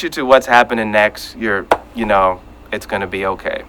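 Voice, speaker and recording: A man hosting a casual podcast chat, talking in an animated way and acting out his reactions. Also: on the low side, moderate pace, noisy background. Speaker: podcast host.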